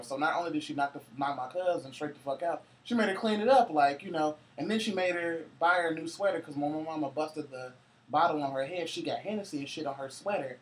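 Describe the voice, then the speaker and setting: A man's voice: on the high side, fast. Laid-back man telling profane family stories. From Cincinnati, US. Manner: loose, profane, laughing anecdotes. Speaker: co-host. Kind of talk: casual storytelling chat.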